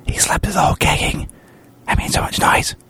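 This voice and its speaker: A man hosting a podcast who whispers a quick update so as not to wake a sleeping guest. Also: a bit bright. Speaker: podcast host, home brewer.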